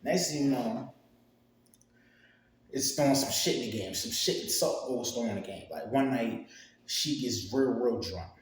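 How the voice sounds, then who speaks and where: A man's voice: medium pitch, animated, normal speed, long pauses, slight background noise. A young man casually telling a storytime tale in loose, profane slang, acting out the people he quotes. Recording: very echoey room, faint ambience.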